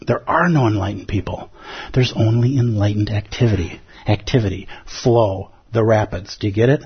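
A man giving a lively, playful dharma talk as a Zen teacher, acting out inner voices. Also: mid-range voice, normal speed, breathy edge, dull audio.

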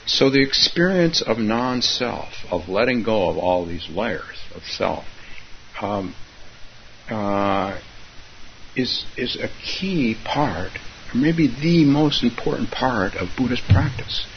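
A man giving a Zen dharma talk as meditation teacher, halting and repeating himself, often chuckling, in a dull lo-fi recording. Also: medium pitch, animated. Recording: dull lo-fi recording, faint hiss.

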